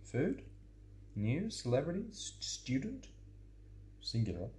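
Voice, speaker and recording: A man in his thirties co-hosting a casual podcast, offhand and blunt, with low mumbled asides. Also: huge pitch swings, takes it slowly, dark tone, a little hiss or hum. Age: 30s. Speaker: podcast co-host.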